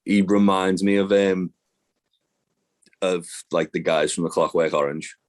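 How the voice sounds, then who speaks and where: A man's voice: deep voice, fairly even intonation, measured pace. A man co-hosting a podcast, rambling and profane in fond, casual banter. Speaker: podcast co-host. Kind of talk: casual chat.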